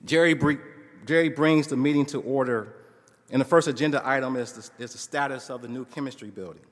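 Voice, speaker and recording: With a medium-pitched voice and a fairly quick delivery, a man at a conference reads a case story with expression. He voices the dialogue in changing characters, and a large hall's long reverb fills the recording.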